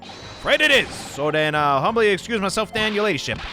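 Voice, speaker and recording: A bumbling, flustered police inspector with a British tinge, his voice leaping high and low as he blusters, played by a man narrating a game. Faint music runs behind. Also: big pitch swings, fairly quick, sharp tone, full character voice.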